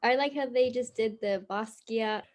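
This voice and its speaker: Woman, fairly high voice, short casual replies, heard from a distance. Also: moderate pace. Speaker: interviewer. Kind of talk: casual chat.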